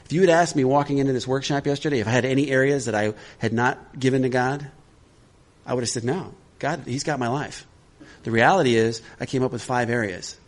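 A man leading a recovery workshop in an easygoing, conversational way. His voice sits at an ordinary middle pitch, and he keeps checking in with his listeners as he talks. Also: fast. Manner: conversational, checks in with "all right?". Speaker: workshop leader.

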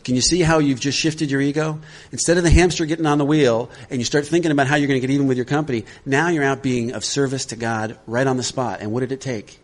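A man's voice: mid-range voice, fairly even intonation, quick pace. A man leading a recovery workshop, speaking conversationally and checking in often with his listeners. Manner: conversational, checks in with "all right?". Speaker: workshop leader.

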